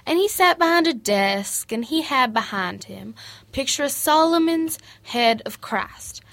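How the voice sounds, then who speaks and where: A woman's voice: high voice, lively intonation, a little slow, fairly bright tone, no echo. A woman, a former college teacher, retelling an old anecdote with dramatic flair. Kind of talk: anecdote storytelling.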